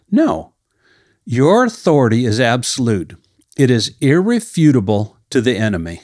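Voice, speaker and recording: A man's voice: mid-range voice, sing-song, normal speed, no room sound, studio quality. A man hosting a ministry podcast, reading Bible passages aloud and then explaining them in a conversational teaching manner.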